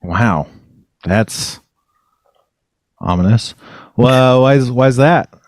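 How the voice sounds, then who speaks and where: A man's voice: mid-range voice, animated, takes it slowly, dry recording. A man hosting a comedy podcast, rambling and goofy, breaking into shocked yelps, on a close microphone. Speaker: podcast host.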